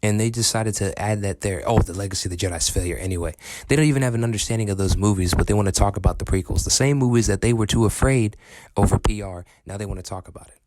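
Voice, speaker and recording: A man's voice: fairly low pitch, fast, a little mellow, a little hiss or hum. A man ranting in an angry, profane and sarcastic way in a commentary video. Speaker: film commentary vlogger.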